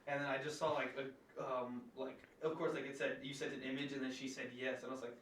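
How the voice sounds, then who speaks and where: Bright-voiced young man, echoey room. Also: mid-range voice, fast talker, distant mic, slight background noise. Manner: animated storyteller acting out quotes. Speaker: podcast co-host. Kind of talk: casual podcast chat. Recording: echoey room, away from the mic.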